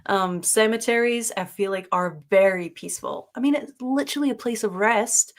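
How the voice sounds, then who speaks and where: A woman's voice: medium pitch, moderate pace. A woman co-hosting a paranormal podcast, chatting casually and rambling with many fillers and restarts. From Southern California. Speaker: podcast co-host. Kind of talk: casual chat.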